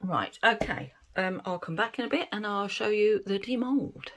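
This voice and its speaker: A middle-aged woman chatting casually about her crafting, self-deprecating and quick to giggle. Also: medium pitch, expressive, vocal fry, a bit bright, slight background noise. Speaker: resin art vlogger. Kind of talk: casual chat while crafting.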